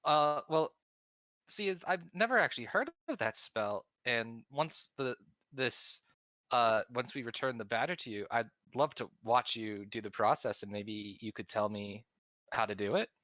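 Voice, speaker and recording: A player role-playing a character in a tabletop game, asking politely and hesitantly with many restarts. The voice is bright, recorded close and dry. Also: medium pitch, normal speed, no echo.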